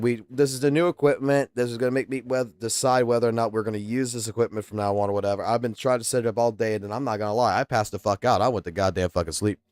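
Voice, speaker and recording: A man's voice: mid-range voice, no echo. A man live-streaming a game and chatting casually with viewers, talking loosely and swearing often. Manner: casual, profane, excitable. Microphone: studio mic through a mixing station.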